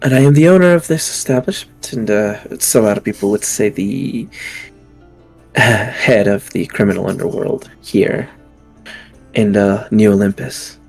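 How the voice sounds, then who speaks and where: A man voicing a sultry, poised woman who runs the city's criminal underworld, speaking in a low, soothing, teasing voice during a tabletop game. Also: moderate pace, darkish tone, soft background music. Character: sultry woman crime boss, innkeeper. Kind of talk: tabletop role-play.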